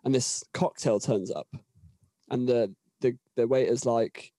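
Brief: young British male musician, dark mellow voice, chatty anecdotal guest, restarts and repeats words. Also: medium pitch, measured pace, dry recording. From Britain. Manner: rambling, repeats words, animated storytelling. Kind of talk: casual anecdote-telling.

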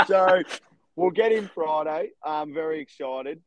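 A young man, a real estate agent and podcast co-host, telling stories in an animated, casual way. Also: on the high side, slow pace, low-quality recording. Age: young adult. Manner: animated storytelling with laughs. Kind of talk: casual chat.

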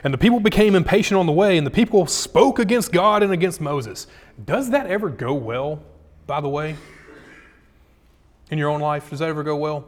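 A man preaching a casual, jokey sermon, acting out scripture quotes with dramatic swings in loudness and pitch. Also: lively intonation, normal speed. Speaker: pastor.

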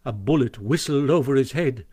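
A man reading a classic storybook aloud as narrator, expressive and animated, on a close microphone. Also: mid-range voice, normal speed, noisy background. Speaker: audiobook narrator.

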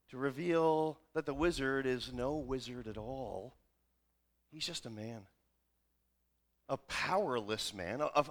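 Pastor retelling a story with wry asides. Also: male voice, a little high, fairly bright tone. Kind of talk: sermon storytelling.

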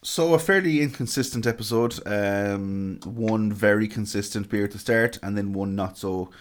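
An Irish man hosting a casual beer podcast in a fairly low voice. He's jokey and keeps the talk moving. Relaxed delivery. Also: moderate pace. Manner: jokey, wraps up the show. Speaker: podcast host. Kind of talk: casual chat.

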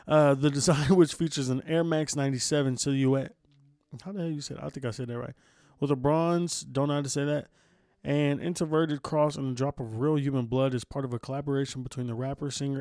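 A man's voice: mid-range voice, a little mellow, no echo, clean studio sound. A man hosting a casual solo podcast, rambling and groggy after just waking up, cussing a lot and stumbling over his words. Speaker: podcast host.

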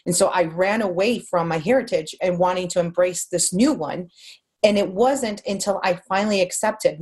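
Woman, voice-over artist, lowish voice, earnest, heartfelt podcast chat. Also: moderate pace, a little mellow. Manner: earnest and heartfelt, with frequent fillers. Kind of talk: casual podcast roundtable chat.

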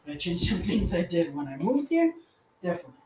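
A man's voice: high-pitched, sing-song, fast talker. Laid-back young man in an echoey room. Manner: laid-back, laughs often, lots of "like" and swearing. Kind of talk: casual chat. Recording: echoey room with faint ambient noise.

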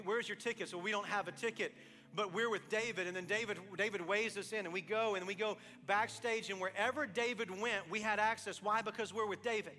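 A man preaching a sermon, his voice high and bright as it carries through a big reverberant hall. He tells stories with animated back-and-forth dialogue, then drops into a quiet, earnest appeal. Soft music plays underneath. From East Texas. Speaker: pastor.

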